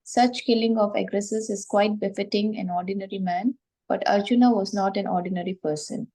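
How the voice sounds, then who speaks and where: A woman reading a scripture commentary aloud to a class in a steady, careful way. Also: mid-range voice, a little fast, low-quality recording.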